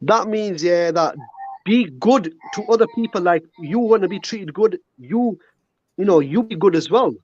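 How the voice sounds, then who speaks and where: A man's voice: sits high, moderate pace, a little mellow, dull audio. A man calling into a heated religious debate, argumentative, interrupting and stumbling over his words.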